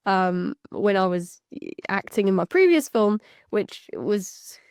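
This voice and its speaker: A woman's voice: medium pitch, expressive, slow pace, a little mellow, clean tone, dry recording, studio quality. A young woman co-hosting a podcast, chatting in a rambling way with light laughs. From England. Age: young adult. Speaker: podcast co-host. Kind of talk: casual chat.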